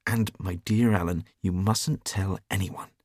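A man playing a sulky, hapless young gentleman. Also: low voice, fairly even intonation, unhurried, no room sound, clean studio sound.

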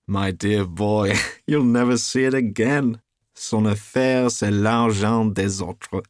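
A man playing a loud, laughing gentleman painter. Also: lively intonation, normal speed, dry recording, clean studio sound. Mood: amused, teasing. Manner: booming, laughing, hearty. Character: jovial, teasing gentleman painter.

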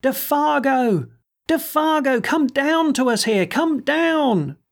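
A man's voice: a little high, steady tone, a little slow, gravelly. A man voicing a shaken traveler who calls out urgently to a lost companion. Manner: calling out, raised and urgent.

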